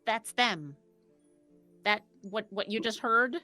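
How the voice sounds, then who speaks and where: A woman's voice: mid-range voice, takes it slowly, dry recording. A woman at a tabletop game, talking eagerly through her character's moves. Faint music hums behind her. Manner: excited, laughing, talks through her character's actions. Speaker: player. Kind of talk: casual in-character play.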